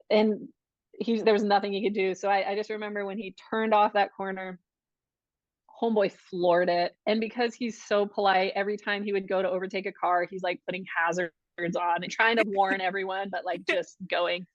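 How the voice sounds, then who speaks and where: Woman, podcast guest, conversational storytelling, acts out quoted voices, mid-pitched, dull muffled audio. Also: brisk, no room sound. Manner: animated, acts out quoted dialogue.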